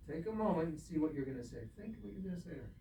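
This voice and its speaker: Patient male acting coach, mellow. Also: a little high, very animated, very fast, a little hiss or hum. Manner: patient, directive, wears a mask. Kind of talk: directing an acting exercise. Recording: roomy echo, distant mic.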